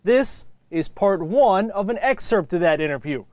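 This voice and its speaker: High-voiced male sports presenter. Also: animated, normal speed, a little mellow, dry recording. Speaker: sports broadcaster and interviewer. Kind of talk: scripted broadcast narration.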